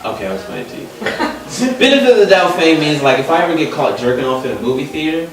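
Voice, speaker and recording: Animated young stand-up comedian man, echoey club. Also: fast talker. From Los Angeles. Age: young adult. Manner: animated, loud punchlines, drops low for asides. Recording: echoey live room, mic far off, crowd laughter.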